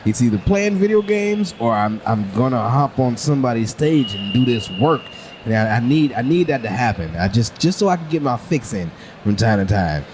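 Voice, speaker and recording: A male stand-up comedian guest chatting casually on a podcast, lively and quick to laugh, often acting out his own thoughts and restarting his sentences. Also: medium pitch, slight background noise. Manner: rambling with frequent restarts.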